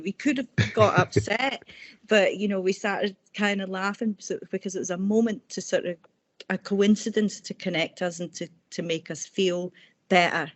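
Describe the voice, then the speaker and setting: A woman author talking in a casual interview over a video call, telling personal stories warmly and restarting her sentences often. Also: fairly low pitch, normal speed. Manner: warm, chatty storytelling with frequent restarts. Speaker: author guest.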